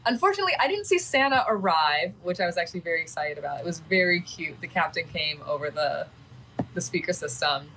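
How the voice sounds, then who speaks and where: A woman's voice: lowish voice, animated, fast, bright, forceful tone, a little hiss or hum, poor audio. Gushing woman chatting on a livestream. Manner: gushing and sentimental. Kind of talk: casual livestream chat.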